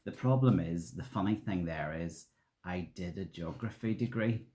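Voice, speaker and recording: Low-voiced man co-hosting a casual podcast. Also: moderate pace, mellow. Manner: self-mocking, laughs often. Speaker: podcast co-host. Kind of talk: casual chat.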